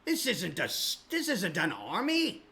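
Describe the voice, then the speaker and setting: A man voicing a gruff, foul-mouthed army captain who rants and curses at his ally. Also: high voice, wildly swooping pitch, measured pace, exaggerated voice. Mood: furious. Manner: angry, cursing, shouting.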